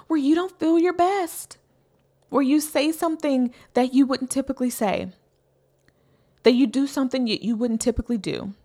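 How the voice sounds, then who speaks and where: A woman in her thirties with a fairly high voice speaks as a parenting coach. She gives an earnest, encouraging faith-based talk and repeats her key lines for emphasis. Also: a little mellow.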